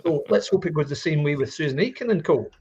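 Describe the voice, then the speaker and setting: A man co-hosting a political podcast, talking in an indignant, animated way. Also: a little high, quick pace, husky, muffled recording. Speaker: podcast co-host. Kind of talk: casual political discussion.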